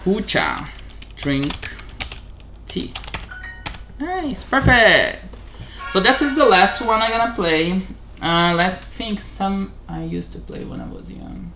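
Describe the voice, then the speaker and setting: A man hosting a casual vlog, talking haltingly in English, correcting himself and chuckling as he practices a new language. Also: high voice, expressive, bright, forceful tone, faint music behind. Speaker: channel host.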